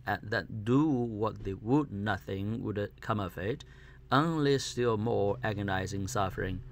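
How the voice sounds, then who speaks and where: A man reading a classic novel aloud as an audiobook, halting and stumbling over words now and then. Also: on the low side, creaky, slight background noise. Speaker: audiobook reader.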